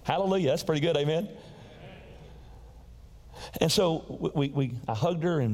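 A man's voice: medium pitch, fairly quick, long pauses. A man preaching a sermon and telling personal stories in a folksy, emphatic way. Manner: folksy, emphatic, repeats words when excited. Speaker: pastor. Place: large church sanctuary. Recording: long hall reverb in a church.

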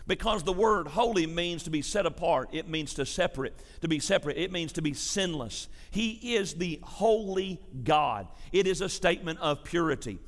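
A man preaching a sermon as a pastor, folksy and animated, with a drawl and chatty asides. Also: high voice. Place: church sanctuary. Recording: long hall reverb.

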